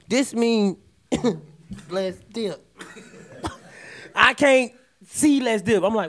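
Comedian co-host, Southern man, high-pitched and sharp, yells then mutters. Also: slow, long pauses. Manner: animated, swings between yelling and mumbling, profane. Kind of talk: loud comedic riffing.

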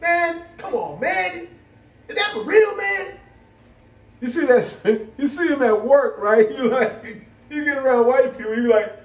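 Man vlogging, casual chat, high lively voice, roomy echo, away from the mic. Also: unhurried. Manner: animated, laughing, full of "you know". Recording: roomy, from a distance.

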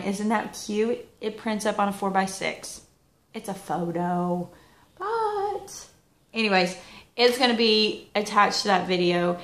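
Chatty mom-type woman giving wellness pep talk, gravelly voice, roomy echo. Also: mid-range voice. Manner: chatty, folksy, lively asides. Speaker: wellness vlogger. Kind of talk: casual motivational talk.

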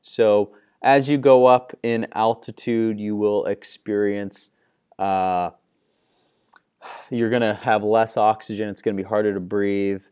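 A man's voice: lowish voice, steady tone, measured pace, a little mellow, clean tone. A young man teaching a class in a friendly, loose, conversational way, with plenty of fillers. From Midwestern United States. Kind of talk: classroom lecture.

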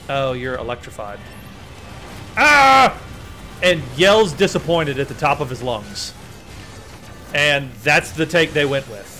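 A man streaming a video game, chatting in a rambling, excitable way as he plays. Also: on the high side. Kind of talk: let's play commentary. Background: faint game music.

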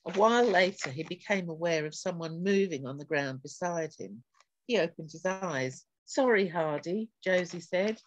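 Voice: mid-range voice, expressive, moderate pace, dull audio. An author reading an extract from her own science fiction novel aloud, giving the characters light changes of voice.

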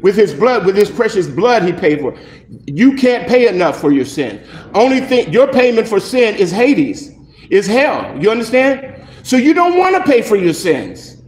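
A male pastor preaching a sermon in an animated, conversational way, acting out little dialogues. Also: high-pitched, normal speed, reverberant. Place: church.

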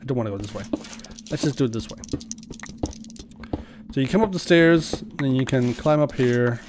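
A man's voice: medium pitch, animated, moderate pace, background noise. Chatty man narrating his gameplay. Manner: chatty, talks to game characters. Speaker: let's play host. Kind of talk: casual gameplay commentary.

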